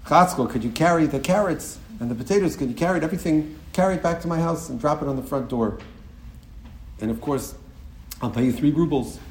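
A man's voice: on the high side, a little fast, a little mellow, natural voice. A man voicing a tiny elderly woman who earnestly tells a porter how to handle her Sabbath groceries. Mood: fussy. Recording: roomy with faint ambience.

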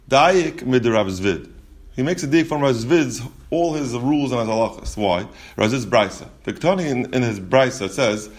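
Man teaching a halting Talmud class. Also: medium pitch. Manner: halting, repeats words and restarts often; explains step by step, asks and answers questions.

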